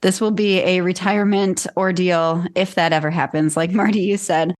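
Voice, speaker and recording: A woman's voice: fairly low pitch, steady tone, moderate pace. A young woman co-hosting a podcast, a teacher chatting candidly and wryly. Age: young adult. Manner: wry, candid, laughing between lines. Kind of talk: casual chat.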